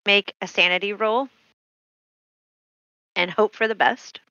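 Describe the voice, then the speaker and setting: A woman narrating a tabletop horror game as game master, unhurried and hesitant with many fillers. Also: mid-range voice, steady tone, pushed and bright, no room sound, dull audio.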